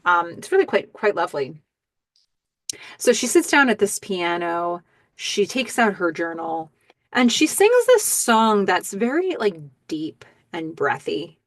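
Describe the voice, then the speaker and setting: Animated woman recapping a show. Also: mid-range voice, a little slow, no echo. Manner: animated, acts out character quotes. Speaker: podcast host. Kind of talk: casual episode recap.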